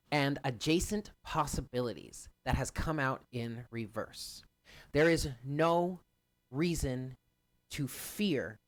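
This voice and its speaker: A man giving a live channeled card reading, talking earnestly and directly to his viewers. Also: on the high side. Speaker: spiritual card reader.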